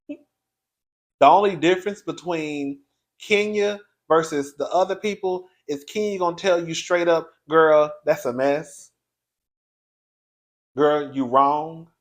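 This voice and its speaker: A man hosting his own video show, giving a blunt, profane, animated commentary straight to his viewers. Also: a little high. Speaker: online show host reviewing reality TV.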